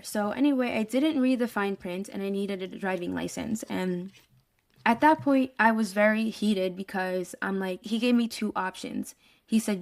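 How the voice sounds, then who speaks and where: A woman telling a personal story in a casual monologue, retelling a frustrating exchange with quoted dialogue and exasperated asides. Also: on the high side. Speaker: podcast host.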